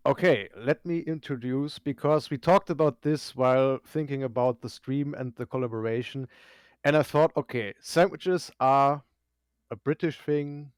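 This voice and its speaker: A man's voice: medium pitch, normal speed, clean tone, no room sound. A man from Germany, a guest on a casual live stream, explaining things at length with dry humor.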